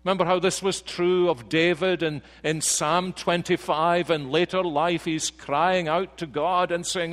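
A man preaching a sermon to a congregation, slow and emphatic, dropping quiet then rising with force. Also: high voice, fairly even intonation. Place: church sanctuary. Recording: reverberant church hall.

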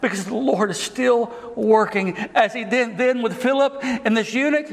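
A man preaching a sermon, impassioned and swinging between loud and soft. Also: very high voice, moderate pace, vocal fry. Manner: impassioned, rising and falling delivery. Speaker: pastor. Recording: long hall reverb.

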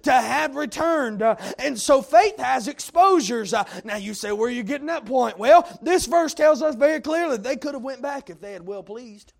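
A male preacher delivering a sermon, full of "uh" fillers and building to shouted points. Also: very high voice, lively intonation, moderate pace, gravelly, few pauses. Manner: heavy "uh" fillers, rising to shouts.

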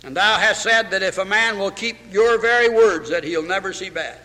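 A man's voice: sits high, moderate pace, sharp tone. A man preaching a sermon with fervor, repeating phrases and quoting scripture in old English. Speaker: pastor. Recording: reverberant hall.

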